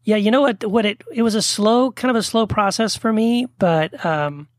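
A man's voice: high-pitched, moderate pace, dry recording, studio quality. A man from Texas, a guest author, telling stories in a casual conversation and acting out the quotes. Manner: animated storyteller, acts out quotes.

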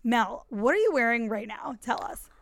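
A young woman hosting a podcast in casual chat, bubbly and chatty, with quick asides. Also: a little high, animated, dry recording, clean studio sound. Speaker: podcast host.

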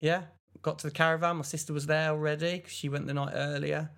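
A young man from England chats on a podcast, his voice carrying a gravelly, creaky edge. He tells a rambling anecdote and acts out the voices of the people in it. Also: on the high side, fast. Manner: rambling storyteller, animated quoted voices. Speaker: podcast co-host. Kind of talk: casual chat.

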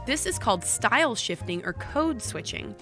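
A woman's voice: fairly high pitch, big pitch swings, normal speed, bright, forceful tone, faint music behind. A woman co-hosting a podcast, reading listener emails aloud in a chatty, easygoing way. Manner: chatty, laughs easily. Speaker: podcast co-host. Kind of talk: casual chat, reading listener mail.

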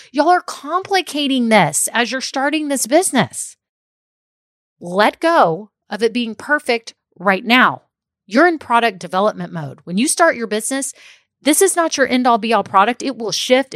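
A woman's voice: on the high side, fairly bright tone, no room sound, studio quality. A woman business coach giving a motivational talk straight to her listeners. She is emphatic and upbeat, repeats key phrases, and keeps checking in with "okay?".

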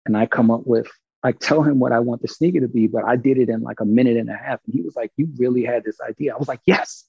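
Gravelly man from Brooklyn telling a story. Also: medium pitch, fast, no echo, lo-fi sound. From Brooklyn, New York. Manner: animated, acts out quoted dialogue, swears freely. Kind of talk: casual storytelling.

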